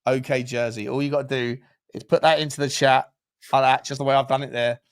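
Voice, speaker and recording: A man co-hosting a live match watchalong, reacting loudly with exasperated, sweary outbursts. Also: mid-range voice, flat delivery, fast talker, clean tone. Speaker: watchalong co-host.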